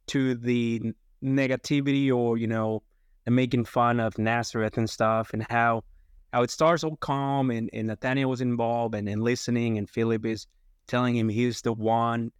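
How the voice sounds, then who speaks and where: A man's voice: mid-range voice, fairly even intonation, normal speed, clean tone, no room sound, clean studio sound. A man adding his thoughts to a Bible discussion in a rambling, restarting way. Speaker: discussion participant.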